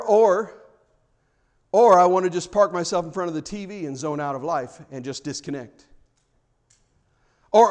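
A man with a high, light voice preaches a sermon to his congregation. He talks in a relaxed, chatty way and jokes with the people in front of him. He builds to fervent, pressing emphasis as the sermon goes on. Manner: conversational, rising to fervent emphasis. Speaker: pastor.

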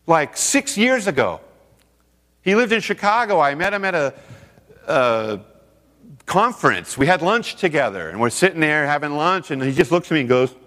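A man's voice: on the high side, a bit bright. A man telling stories at a men's seminar, acting out both sides of his conversations. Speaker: seminar speaker. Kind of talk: storytelling talk to a men's group. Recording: long hall reverb.

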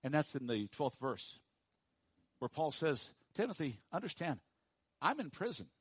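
A pastor preaching a sermon to his congregation, dropping to hushed, slow emphasis and rising to loud, high calls for the room to repeat after him. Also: very animated, slightly rough, dry recording. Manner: swings from hushed low emphasis to loud high call-and-response.

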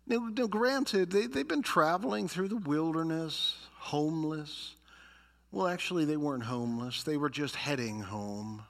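A man's voice: on the high side, lively intonation, normal speed, creaky, fairly bright tone. A male pastor preaching a sermon, acting out complaining voices and reading scripture with dramatic emphasis. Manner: dramatic, voices grumblers and reads scripture with rising intensity.

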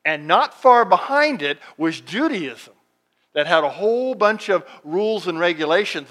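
A man preaching a sermon as pastor, reading scripture slowly and swinging from loud emphatic lines to hushed ones. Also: sits high, sing-song.

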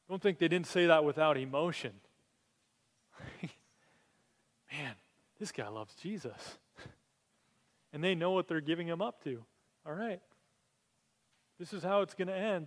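A man preaching a sermon, telling stories with animated energy that climbs to excited peaks. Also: a little high, slow pace, long pauses. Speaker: pastor. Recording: long hall reverb.

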